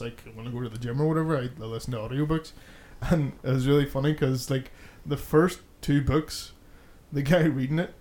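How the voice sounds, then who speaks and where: A man's voice: medium pitch, darkish tone. A man hosting a casual podcast chat, swearing freely and rambling with restarts. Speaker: podcast host.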